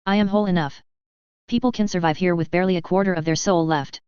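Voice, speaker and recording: A woman voicing a dry, reserved young male wizard who speaks in a flat, measured way, on a dull lo-fi recording. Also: lowish voice, smooth, no echo, close to an everyday voice.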